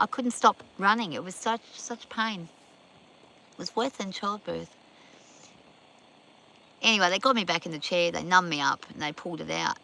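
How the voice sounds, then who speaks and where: A woman's voice: on the low side, moderate pace, pauses often, bright, forceful tone, low-quality recording. A woman on a farm, casually telling rambling stories and talking to her horses. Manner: rambling anecdotes, chatting to the animals. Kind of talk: casual chatty storytelling. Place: outdoors on a farm. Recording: outdoor recording with background noise.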